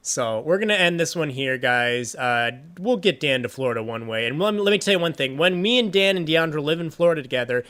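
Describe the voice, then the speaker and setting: A man's voice: on the high side, lively intonation, a little fast, hardly any pauses, fairly bright tone. A young man co-hosting a casual podcast, joking and teasing his friend. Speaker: podcast co-host.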